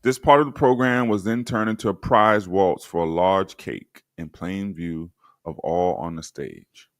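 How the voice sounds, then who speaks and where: In this history-commentary livestream, a man with a deep voice reads old documents to chat and frequently stops to add sardonic comments directly to his audience. He takes his time, speaking unhurriedly, though his pitch rises and falls broadly. There's no room reverb; the recording sounds dry and near.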